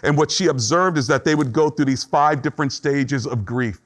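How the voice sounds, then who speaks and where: A middle-aged male pastor delivering a sermon with a voice pitched a little above the usual for a man. He speaks in an earnest, conversational way and slips into short acted-out quotes to make his points. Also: moderate pace, a bit bright.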